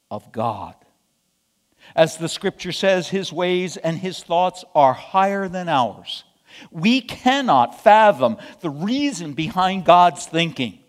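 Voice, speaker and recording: A man with a high voice preaches slowly, lingering on each phrase. He retells a scripture story with emphasis, pausing to ask the congregation rhetorical questions. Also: lively intonation, long reverb tail. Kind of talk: sermon.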